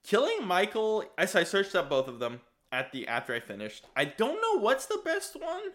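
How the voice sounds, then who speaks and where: A man's voice: high voice, wildly swooping pitch, moderate pace, fairly bright tone. A young man co-hosting a podcast, rambling through a casual chat with lots of restarts and laughs. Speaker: podcast co-host.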